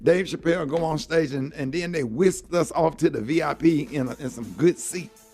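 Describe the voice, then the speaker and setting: A man's voice: on the high side, normal speed, darkish tone, faint music behind. A middle-aged man hosting a morning radio show, telling a heartfelt story in an earnest way and saying "man" often. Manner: earnest, heartfelt, fills talk with "man" and "you know".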